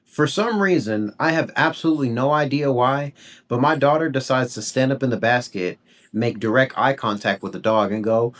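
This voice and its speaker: A young man hosting a podcast tells a story in a relaxed, chatty way. He is animated as he talks and slips into little voices for the people in it. His pitch sits in an ordinary middle range. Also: brisk. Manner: animated, acts out voices and laughs while telling a story. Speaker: podcast host. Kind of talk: storytelling anecdote, casual.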